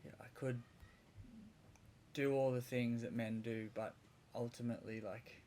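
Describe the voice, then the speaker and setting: A man's voice: mid-range voice, steady tone, a little slow, warm tone, a little hiss or hum. A man, a podcast guest, telling a vivid story in casual conversation, rambling a little with restarts.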